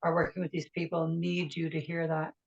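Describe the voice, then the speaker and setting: A woman's voice: low-pitched, monotone, brisk. A woman podcast host who responds with enthusiastic agreement. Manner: enthusiastic, affirming listener. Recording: dull lo-fi sound.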